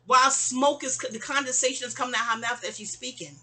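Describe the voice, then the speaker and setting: A woman's voice: a little high, steady tone, fairly quick, few pauses, sharp tone. A woman telling a personal story in a rambling, casual storytime style, often repeating words and acting out what others said. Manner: rambling, repeats and restarts words, acts out quotes.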